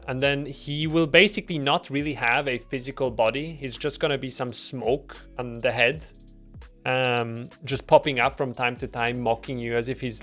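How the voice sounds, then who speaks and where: A man's voice: medium pitch, fairly bright tone. Man, mid-range voice, easygoing indie dev streaming, rambles with fillers; faint music underneath. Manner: rambling, filler-heavy, self-deprecating. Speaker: indie game developer streaming. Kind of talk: casual devlog stream talk.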